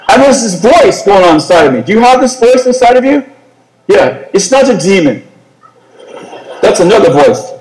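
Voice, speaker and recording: A male preacher telling a story in an animated, self-mocking comic way during a sermon. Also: high voice, roomy sound, low-quality recording.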